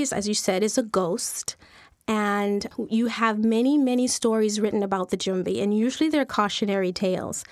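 A woman storyteller, telling a folk tale with lively, dramatic pacing. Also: a little high, no room sound, studio quality. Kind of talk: animated oral folk storytelling.

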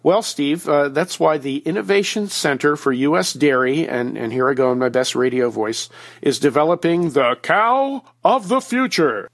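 A man's voice: mid-range voice, normal speed, gravelly. A man who is a regular guest commentator on a radio show, explaining news items over a phone line in a folksy, joking way. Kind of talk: conversational explainer.

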